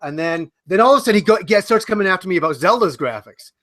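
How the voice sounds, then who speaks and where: High-voiced man in his forties telling a story. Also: fast, no room sound, clean studio sound. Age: 40s. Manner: animated anecdote with acted-out quotes, profane. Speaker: podcast panelist. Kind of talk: casual storytelling.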